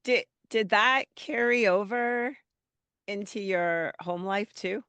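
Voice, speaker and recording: Female podcast host, chatty animated storyteller, slight head cold, dry close sound. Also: medium pitch, slow, smooth, dry recording. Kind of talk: podcast conversation.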